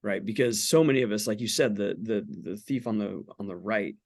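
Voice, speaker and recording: A man's voice: fairly low pitch, fairly quick, a little mellow. Blunt, earnest man in his forties. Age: 40s. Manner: earnest, blunt, swears casually. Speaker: podcast guest. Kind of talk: candid faith talk.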